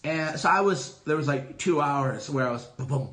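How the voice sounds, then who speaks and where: A man's voice: a little high, normal speed, hardly any pauses, crowd noise. A middle-aged man on a solo livestream, talking casually with boastful, emphatic, repetitive declarations. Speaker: livestream host. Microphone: streaming from a phone.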